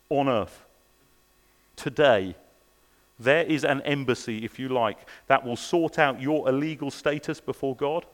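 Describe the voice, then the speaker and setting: A man preaching a sermon at a church service, earnest and pressing his listeners with repeated rhetorical questions. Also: a little high. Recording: long reverb of a large hall.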